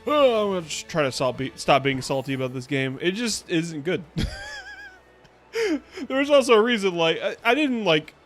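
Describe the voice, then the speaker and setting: A man's voice: on the high side, very animated, normal speed, a bit bright, soft background music. A man giving casual gameplay commentary on his stream, rambling and playful, often restarting his sentences. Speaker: VTuber streamer.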